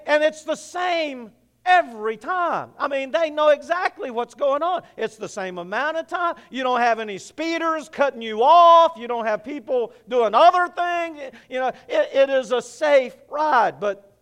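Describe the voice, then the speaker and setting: Pastor man telling a story in his sermon, animated and playful, high voice. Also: clear, resonant tone.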